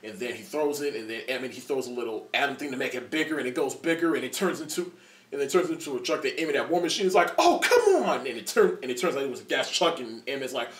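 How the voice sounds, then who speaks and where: A man in his twenties giving a casual spoiler movie review, excited and rambling, with lots of restarts and laughter. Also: medium pitch, fast. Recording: roomy echo, distant from the mic.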